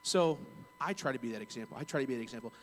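An earnest man of middle pitch talks through a personal story from his work in customer service. He rambles and restarts his sentences often in a relaxed, casual way, with a faint hum behind him. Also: racing, poor audio. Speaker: bank customer service rep.

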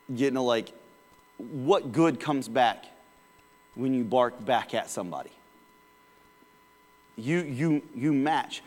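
A man's voice: medium pitch, unhurried, long pauses, in a large hall. A male pastor preaching a sermon in a casual, conversational way, with sudden bursts of volume.

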